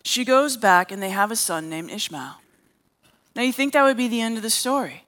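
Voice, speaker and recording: A woman's voice: fairly high pitch, animated, fairly quick, fairly bright tone. A woman preaching a sermon as a therapist, telling a story and acting out the characters' lines.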